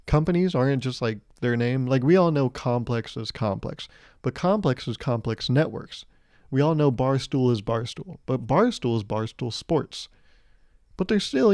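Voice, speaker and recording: A young man in his twenties talks through a solo podcast episode, rambling from one thought to the next and acting out little quoted lines to poke fun at himself. His voice is mellow and a touch dark, and the recording is dry and close. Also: medium pitch, no room sound. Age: 20s. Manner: rambling, joking, self-mocking with acted-out quotes. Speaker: podcast host. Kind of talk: casual solo podcast monologue.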